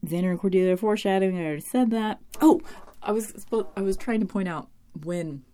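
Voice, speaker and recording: A woman's voice: medium pitch, a little fast, mellow. A woman talking in a casual, rambling way, full of fillers and blunt asides, as she reviews a TV episode. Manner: chatty and rambling, with many fillers and cursing asides. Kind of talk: casual chat.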